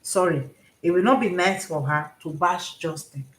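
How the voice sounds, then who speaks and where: A woman's voice: lowish voice, moderate pace. A woman with a Nigerian accent giving casual, rambling commentary and often checking that listeners understand. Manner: rambling, repeats herself, asks "you understand?". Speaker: commentary vlogger. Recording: roomy echo.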